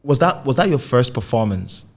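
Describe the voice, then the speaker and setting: A man hosting a music podcast, asking questions in a relaxed, conversational way. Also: mid-range voice, moderate pace. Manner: conversational, frequent short affirmations. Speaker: podcast host, music journalist. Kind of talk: casual interview.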